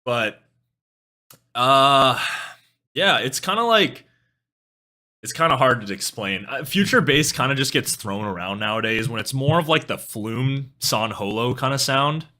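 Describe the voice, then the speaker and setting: A man's voice: medium pitch, lively intonation, a little slow, pushed and bright. A young man from western Canada with a Canadian accent, chatting casually and rambling to his live-stream chat. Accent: Canadian English. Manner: rambling, loses train of thought, swears casually. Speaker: music streamer.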